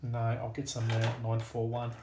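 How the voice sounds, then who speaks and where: An Australian hobbyist watchmaker chats casually to himself and his viewers while working at a workbench, easygoing and self-deprecating. His medium-pitched voice is completely flat and moderately paced, recorded in an echoey room with a noisy background.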